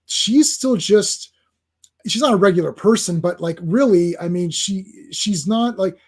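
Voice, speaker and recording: A man hosting a casual comic book review chat, excitable and rambling as he talks through the pages. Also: high voice, a little slow. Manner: excitable, rambling with fillers and restarts.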